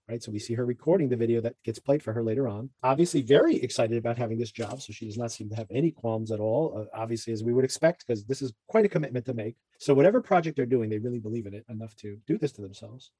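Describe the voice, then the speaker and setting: A man's voice: medium pitch, warm tone, slightly rough, no room sound. A man hosting a podcast, recapping a TV show in a chatty, rambling way with asides. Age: adult parent. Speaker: podcast host. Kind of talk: casual TV recap chat.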